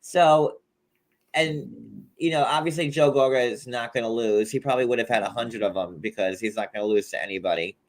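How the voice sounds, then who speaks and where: A man's voice: medium pitch, a little fast. Man co-hosting a casual recap chat, rambling, gossipy, joking. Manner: gossipy, joking, rambling, jumps into mocking impressions. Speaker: podcast host.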